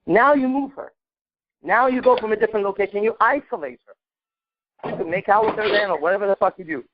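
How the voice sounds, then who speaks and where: A man's voice: high-pitched, brisk, dull audio, a little hiss or hum. A man co-hosting a podcast, giving emphatic, profane dating advice and acting out sample conversations. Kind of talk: animated casual advice talk.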